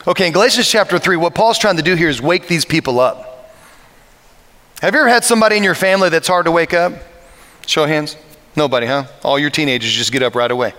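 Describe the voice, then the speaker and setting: A male pastor giving a humorous, lively sermon and asking the congregation questions. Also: on the high side, fast talker, in a large hall. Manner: humorous, lively, anecdotal preaching with audience questions.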